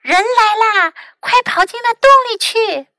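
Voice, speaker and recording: A bossy, grand little city mouse squeaks out her lines, put on by a woman in a storybook read-aloud. The voice sits very high and bright, with an urgent, showy edge. The recording is dry and close. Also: lively intonation, a little slow, no room sound, heavily acted. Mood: alarmed.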